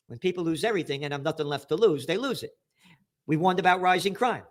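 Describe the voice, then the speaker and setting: A man's voice: fairly high pitch, expressive, quick pace. Angry profane news commentator, a man. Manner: profane, angry, shouts for emphasis. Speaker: trends commentator.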